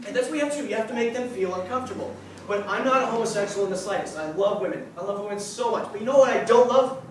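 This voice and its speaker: A man's voice: sits high, rapid-fire, few pauses. A seventeen-year-old man doing a stand-up routine on a club stage, chatty and laughing at his own jokes. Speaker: stand-up comedian. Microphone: mic on a stand. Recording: echoey room from far off, with background noise.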